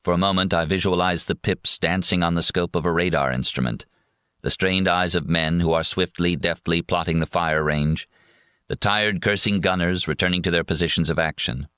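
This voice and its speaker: Male audiobook narrator, low and crisp, dry booth sound. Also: fairly even intonation, moderate pace, a bit bright, no echo. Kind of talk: scripted narration.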